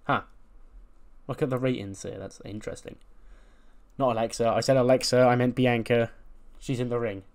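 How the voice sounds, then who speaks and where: A man's voice: medium pitch, fairly even intonation, normal speed, long pauses, a little mellow. A man casually narrating a wrestling sim playthrough in a rambling, swearing way. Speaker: game streamer.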